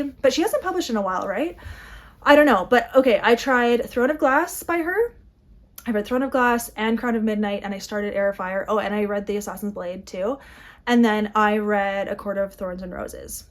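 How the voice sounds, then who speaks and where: A young adult woman talking casually to her viewers, animated, often breaking off mid-sentence to restart a thought, with quick asides and small laughs. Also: medium pitch. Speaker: book vlogger. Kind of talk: casual chat to camera.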